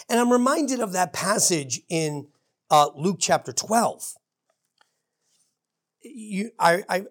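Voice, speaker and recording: A woman pastor giving a conversational sermon, full of asides, restarts and "you know"s. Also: lowish voice. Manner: informal, with frequent asides and restarts.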